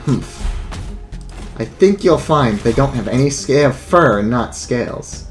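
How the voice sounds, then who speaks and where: A man of middling pitch talks through a card game in a casual, profane let's play style, thinking aloud about each move. Faint music plays underneath. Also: animated, unhurried. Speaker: gameplay commentator.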